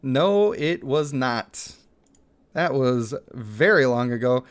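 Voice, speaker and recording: A man's voice: medium pitch, animated, slow, clear, resonant tone. A man in his thirties chatting casually on a livestream, reading out chat messages and laughing often. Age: 30s.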